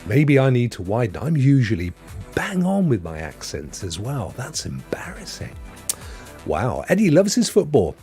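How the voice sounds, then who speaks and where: A man in his fifties hosts a live stream, reading viewer comments and chatting in a matey, rambling way. His English accent blends Potteries and Sydney with a touch of Devon, and his mid-range, dark voice swoops wildly in pitch at a moderate pace. Faint music plays behind him.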